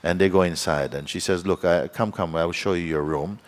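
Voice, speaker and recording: A man's voice: low voice, brisk. A man, a spiritual teacher, telling a story at a satsang and acting out the voices of its people, chuckling as he goes.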